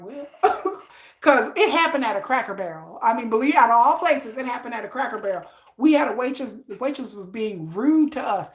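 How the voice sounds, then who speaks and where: High-voiced woman telling stories live. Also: gravelly. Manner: animated storytelling, acting out quoted lines. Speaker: live streamer. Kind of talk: casual live-stream chat. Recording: echoey room.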